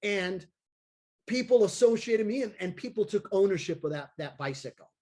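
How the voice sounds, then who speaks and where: A man, a circus clown and daredevil, telling an animated story on a video call and acting out the voices of the people in it. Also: sits high, moderate pace. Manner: excitable, acts out voices of people in his stories.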